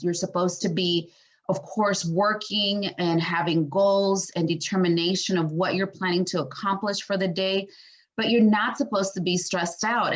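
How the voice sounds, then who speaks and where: A woman with a somewhat low voice leads a wellness workshop. She talks in a chatty, informal teaching style, loose and full of fillers. Now and then she acts out her own thoughts in quick asides. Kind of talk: casual teaching talk.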